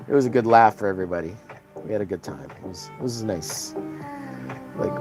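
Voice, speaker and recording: A man's voice: fairly low pitch, a little fast, long pauses, darkish tone, faint music behind. Rambling man streamer from Texas. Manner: rambling, filler-heavy storytelling. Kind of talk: casual chat while drawing live.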